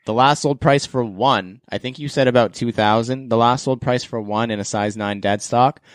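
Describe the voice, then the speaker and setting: A man's voice: medium pitch, moderate pace, no room sound, clean studio sound. A Canadian man hosting a podcast, running a playful guessing game in a teasing quizmaster manner. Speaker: podcast host. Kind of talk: casual game-show chat.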